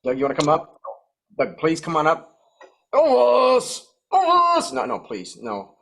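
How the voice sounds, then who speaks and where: A man's voice: mid-range voice, lively intonation, moderate pace, fairly bright tone, slight background noise, rough recording. A man, a puppeteer guest telling stories and coaxing his puppet dog. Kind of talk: casual chat.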